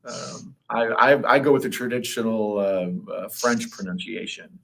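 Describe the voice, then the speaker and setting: A man co-hosting a casual livestream, reading viewer comments aloud and joking, with sudden jumps up in pitch. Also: vocal fry. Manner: jokey, reads comments aloud, quick laughs and pitch jumps. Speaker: co-host reading live chat.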